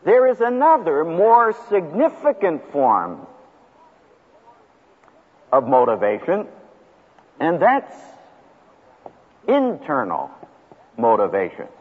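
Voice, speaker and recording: A man who is a seminary professor, giving a recorded teaching lecture in an emphatic, rhetorical way, stressing single words between long pauses. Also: on the high side, wildly swooping pitch, breathy edge. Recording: phone-like lo-fi audio with long hall reverb.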